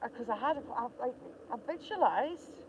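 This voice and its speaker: A woman's voice: fairly high pitch, expressive, normal speed, darkish tone, muffled recording, slight background noise. A woman, chatting casually to her live chat while walking past stone walls in the countryside, giggling and reading out comments. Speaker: vlogger live-streaming a walk.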